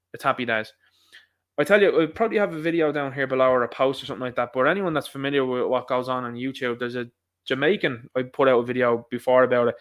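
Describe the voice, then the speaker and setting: A young Irish man hosting a solo podcast, talking in a rambling, emphatic way with quick asides. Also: medium pitch. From Ireland. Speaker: podcast host. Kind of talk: solo commentary monologue.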